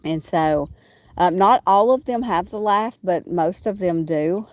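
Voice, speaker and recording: A woman talks casually on a livestream from her small farm outdoors, rambling and saying "um" often. Her voice is on the low side and a little slow, with slight background noise plus crowing roosters and farm animals.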